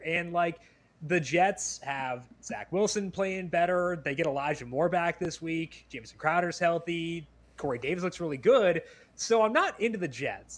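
A man appearing as a guest analyst on a sports radio show, talking casually through his picks. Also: a little high. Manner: casual, lots of "like" fillers.

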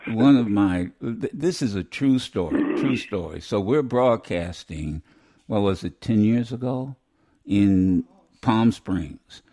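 Radio host, male, low mellow voice, rambling casual on-air chat. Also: expressive. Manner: rambling, halting with many restarts.

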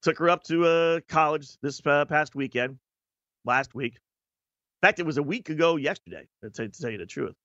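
A man's voice: on the high side, moderate pace, pushed and bright, no room sound, highs cut off. A middle-aged man hosting a radio show, telling a long personal story in a chatty, self-mocking way. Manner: chatty and self-mocking, acts out quoted people. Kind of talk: casual storytelling monologue.

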